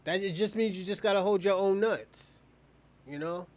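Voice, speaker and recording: A man's voice: high voice, moderate pace, a little mellow. A man co-hosting a livestream in casual chat, rambling and profane, often restarting his sentences.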